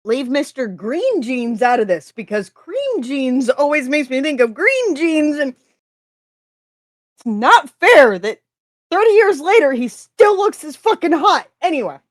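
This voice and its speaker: Giggly, excitable woman on a stream. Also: sits high, measured pace, dry recording, clean studio sound. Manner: giggly and excitable, talks with her mouth full. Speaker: co-host of a writing prompt stream. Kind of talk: casual chat and reading stories aloud.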